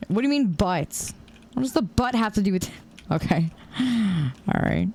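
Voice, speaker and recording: A woman's voice: medium pitch, animated, a little slow, darkish tone, breathy edge. A young woman streaming a shooter game, chatting casually with her chat and laughing often. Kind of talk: casual chat while gaming.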